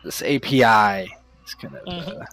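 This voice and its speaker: A man's voice: mid-range voice, animated, a little slow, fairly bright tone, soft background music. A man narrating as game master in a tabletop game, casual and hesitant with fillers.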